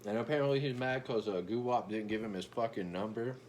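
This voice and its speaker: A man's voice: on the low side, fairly quick, darkish tone, slight background noise. A young man ranting in a brash, profane, boastful comedic commentary, stumbling over restarts as he talks.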